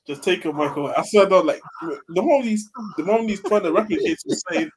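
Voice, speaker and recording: A man co-hosting a casual football chat, slow and drawn out, laughing often. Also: high-pitched, sing-song, husky, rough recording. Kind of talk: casual football podcast banter.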